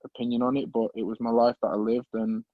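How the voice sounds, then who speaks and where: A man, earnestly telling his life story as a podcast guest in a halting, open and emotional way. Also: medium pitch, level tone, no room sound, phone-quality sound. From English Midlands. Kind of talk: personal life story in an interview.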